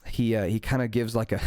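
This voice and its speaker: A man narrating a tabletop fantasy game as game master, halting with frequent fillers and restarts. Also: medium pitch, a little mellow, dry recording.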